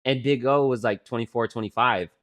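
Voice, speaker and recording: A man in his twenties talks a little fast in a mid-range voice. Co-hosting a podcast, he drifts through profane, animated stories in easygoing chat, leaning on lots of fillers.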